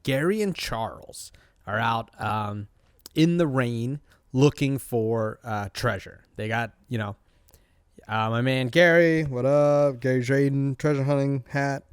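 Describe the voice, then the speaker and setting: A man's voice: mid-range voice, measured pace, smooth, dry recording, studio quality. Chatty man rambling through a show recap. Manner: chatty, rambling, with many fillers. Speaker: host. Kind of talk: casual episode recap.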